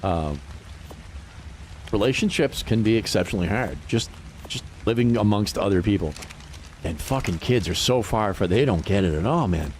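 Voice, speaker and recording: A man's voice: fairly low pitch, normal speed, slight background noise. A man in his fifties chatting casually as a livestreamer, swearing freely and laughing often. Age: 50s. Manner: animated, profane, laughs often. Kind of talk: casual chat.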